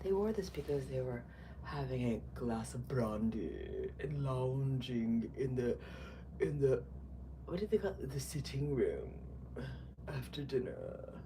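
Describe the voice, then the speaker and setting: A woman in her fifties chatting casually to camera as a vlogger, loud and playful, with crude jokes and swearing. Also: extremely low pitch, animated, a little slow, noisy background. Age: 50s. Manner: loud and playful, swings to loud bursts and whispers.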